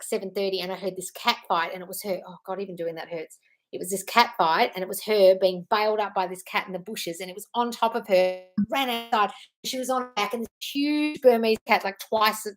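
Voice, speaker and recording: A woman's voice: medium pitch, a bit bright. A woman hosting a casual live stream, chatting in a scattered, apologetic way while answering viewer comments.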